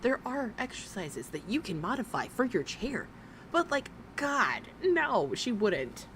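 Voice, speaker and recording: A woman's voice: on the high side, very animated, measured pace, noisy background. A woman giving blunt, mocking reaction commentary, swearing freely as she talks over a clip. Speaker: commentary host.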